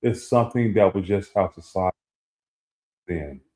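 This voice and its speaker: Middle-aged guy telling a story on a talk show, dark mellow voice, roomy echo. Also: deep voice, moderate pace. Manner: storytelling, acts out quoted voices. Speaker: co-host. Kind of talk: casual chat. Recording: echoey room.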